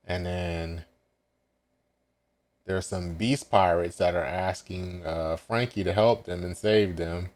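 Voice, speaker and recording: Slow deep-voiced man recapping a manga. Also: darkish tone. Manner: hesitant, many ums and self-corrections. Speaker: manga reaction host. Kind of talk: casual live reaction recap.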